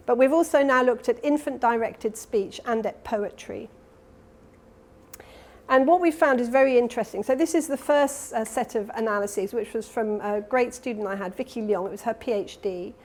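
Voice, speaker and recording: Older woman, higher register, conference keynote; explanatory lecturer walking an audience through slides. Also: moderate pace, darkish tone. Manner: explanatory, talks through slides, demonstrates sounds. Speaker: professor giving a keynote lecture. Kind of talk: academic lecture. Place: conference hall.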